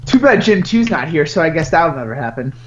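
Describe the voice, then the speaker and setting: A man bantering through a game session, his voice bouncing lively between high and low as he teases his opponent and hums to himself. His slightly raised voice comes through dull and lo-fi, like a call recording. He keeps it casual and playful. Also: fairly quick. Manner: playful, teasing, hums and mutters along. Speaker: gaming streamer. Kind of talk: casual chat while playing a game.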